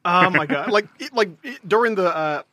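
A man with a high, bright voice chatting casually about games on a podcast. His pitch swings widely as he jokes. The sound is close and dry. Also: moderate pace, dry recording. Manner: animated, jokey, many "like" fillers. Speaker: podcast co-host. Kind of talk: casual gaming chat.

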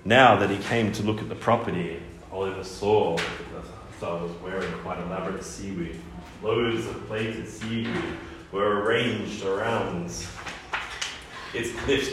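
Man, storybook narration, expressive, mid-pitched, roomy echo, faint background noise. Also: a little slow. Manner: expressive, lively. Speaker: audiobook reader.

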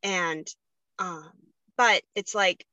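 A woman's voice: lowish voice, very slow, pushed and bright, dry recording, highs cut off. A woman hosting a podcast, talking in a chatty, gushing way about books that moved her. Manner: chatty, gushing, laughs easily. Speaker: podcast host. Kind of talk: casual chat.

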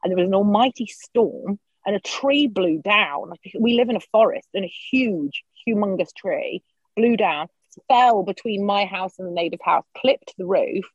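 A middle-aged woman, a podcast guest, telling a personal story in lively, candid conversation, swearing freely and acting out her own quotes. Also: mid-range voice, normal speed, husky, no echo. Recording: dull lo-fi sound.

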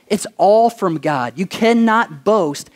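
High-voiced man preaching a sermon. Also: slow pace. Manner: asks the congregation questions for call-and-response; animated storytelling. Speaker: pastor.

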